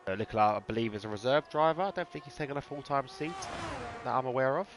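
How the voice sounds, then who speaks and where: A man's voice: mid-range voice, quick pace, music in the background. A man in a put-on Irish accent, giving casual, sweary, teasing commentary on a sim racing league. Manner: banter-heavy, sweary, teasing drivers.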